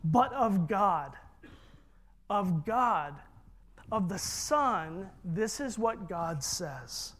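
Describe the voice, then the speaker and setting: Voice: mid-range voice, lively intonation, extremely slow, fairly bright tone. A preacher giving an emphatic sermon and leading the congregation in call-and-repeat. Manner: emphatic, leads congregation in repetition.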